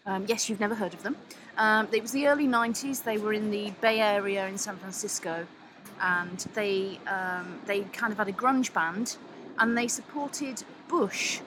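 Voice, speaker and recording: A woman's voice: mid-range voice, moderate pace, noisy background. A woman appearing as a podcast guest, telling rambling, self-mocking stories in casual chat.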